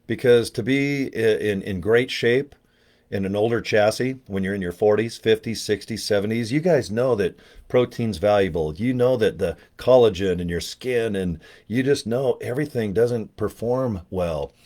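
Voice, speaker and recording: A man's voice: on the low side, moderate pace, darkish tone. An older man talking in a casual, rambling vlog, joking and chatty with a self-deprecating streak. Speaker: network marketing promoter.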